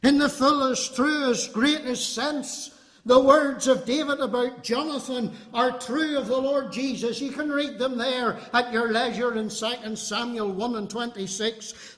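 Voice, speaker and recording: High-pitched guy preaching slow and fervent, long hall echo. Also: steady tone, fairly bright tone. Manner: fervent, emphatic, appealing to the listener. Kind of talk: sermon. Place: congregation hall.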